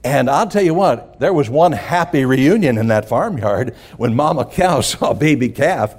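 A man's voice: mid-range voice, lively intonation, moderate pace, a little mellow, husky. A man preaching a sermon, telling a folksy childhood farm story and asking the congregation "amen?".

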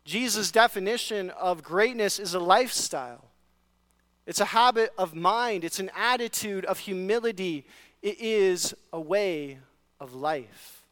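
Pastor guy preaching, high clear voice, earnest w/ dry sarcastic bits, big echoey church. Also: measured pace, fairly bright tone. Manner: earnest preaching with rhetorical questions and scripture readings. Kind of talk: sermon. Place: church sanctuary. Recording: long reverb of a large hall.

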